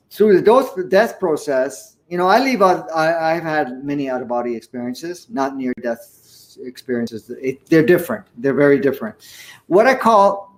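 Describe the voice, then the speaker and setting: An older man in his sixties recounts a personal experience in conversation. His voice sits a little high for a man, and he talks in an earnest, animated way, breaking into the odd chuckle. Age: 60s. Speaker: guest. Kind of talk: conversational storytelling.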